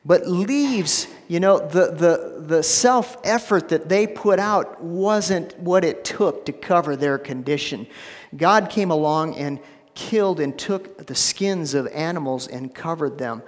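Emphatic preaching man, church reverb. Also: takes it slowly. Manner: emphatic, repeats phrases, drops to a hushed low for stress. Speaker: pastor. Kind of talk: sermon. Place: church sanctuary.

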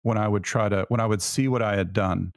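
A man's voice: fairly low pitch, a little fast, gravelly, no room sound, studio quality. A middle-aged man co-hosting a faith podcast, telling a personal story in an earnest, reflective way. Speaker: podcast co-host.

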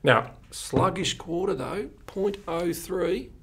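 A man's voice: high-pitched, fairly bright tone, slightly rough. A man with an Australian accent co-hosting a casual podcast chat, upbeat and chatty. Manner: upbeat, chatty, quick to laugh. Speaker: podcast co-host.

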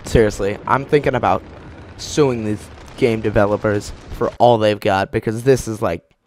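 A man giving joking commentary over his own gameplay, mostly deadpan and mock-serious, with sudden excited outbursts. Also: lowish voice, normal speed, slight background noise. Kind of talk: joking live game commentary. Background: game gunfire and explosions.

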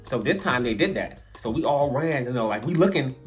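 Here a young man with a mid-range voice sounds animated and talks fairly quickly, music playing in the background. He's a storyteller vlogger sharing a funny personal tale on camera in loose, slangy language, laughing as he goes.

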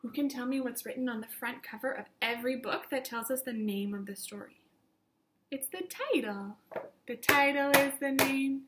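A woman teacher reading a picture book aloud to young children, counting along slowly in a sing-song voice. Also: sits high, steady tone, fairly bright tone, a little hiss or hum.

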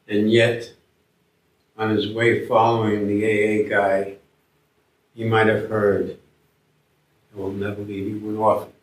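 Male preacher, storytelling homily, unhurried delivery, distant echoey church sound. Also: fairly low pitch. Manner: storytelling, acting out the characters' voices. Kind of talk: sermon.

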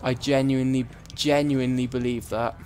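A man's voice: medium pitch, little pitch movement, moderate pace, darkish tone, slight background noise. A young man hosting a let's-play, chatting casually and swearing freely as he plays. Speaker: gaming channel host.

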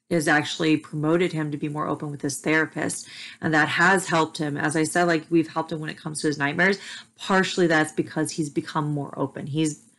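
A young mother talking candidly to camera, soft and hesitant, with frequent ums and restarts. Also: deep voice. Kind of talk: candid personal talk to camera.

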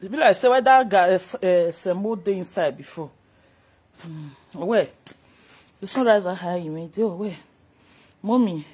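A woman's voice: medium pitch, lively intonation, a little slow, pauses often, a little mellow, breathy edge. A woman with a Nigerian Pidgin accent, casually chatting on a livestream, reading out viewer comments and laughing often. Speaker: livestream host.

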